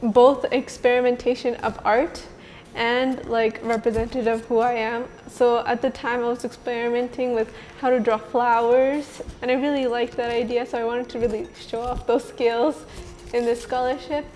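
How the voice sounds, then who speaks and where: A woman's voice: on the high side, flat delivery, moderate pace, darkish tone. A young woman, a scholarship winner, explaining her artwork with a hesitant manner. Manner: hesitant, with fillers. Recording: reverberant room with slight noise.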